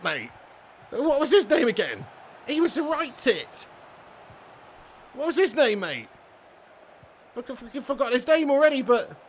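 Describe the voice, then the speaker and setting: A young British man streams a football game live in a very high-pitched, slightly bright voice. In this casual live-stream rant he swears at length and often laughs between comments.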